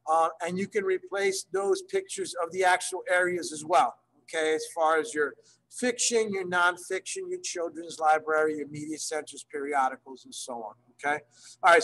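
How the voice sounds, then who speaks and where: A man teaching library staff in an online workshop, checking in often with his class and slowing down to model phrases. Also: high voice, fairly bright tone, low-quality recording. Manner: checks in often, gives examples slowly. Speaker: Spanish instructor for library staff.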